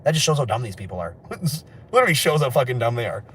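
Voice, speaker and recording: A man's voice: mid-range voice, very animated, rapid-fire, a bit bright, slight background noise. A man chatting casually on a livestream, rambling, swearing and laughing often, talking into a phone. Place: outdoors on city streets.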